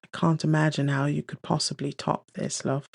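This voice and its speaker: A woman's voice: low voice, little pitch movement, moderate pace, creaky, no room sound, clean studio sound. A woman murmuring as a tender male film star. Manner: soft murmur, near whisper.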